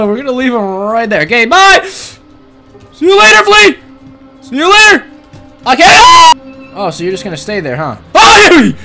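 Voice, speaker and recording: A man giving excitable gameplay commentary, teasing the game's monster, then breaking into yells and shrieks. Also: sits high. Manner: excitable, jumps to yelling and shrieks, teasing chatter. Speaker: gaming channel host. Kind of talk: let's-play gameplay commentary. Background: game music.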